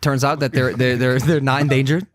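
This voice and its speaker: A young American man hosting a podcast, telling a story in loose casual chat. He is animated and jumps up in pitch whenever he quotes someone. His voice sits in an ordinary middle range. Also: a little fast, slight background noise. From United States. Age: 20s. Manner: animated, acts out quotes in a raised voice. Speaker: podcast host.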